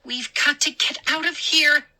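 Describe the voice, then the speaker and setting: A woman voicing frightened storybook children who shout in panic. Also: high-pitched, steady tone, unhurried, voice pushed up, exaggerated voice. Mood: panicked. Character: frightened kids, narrator and friends.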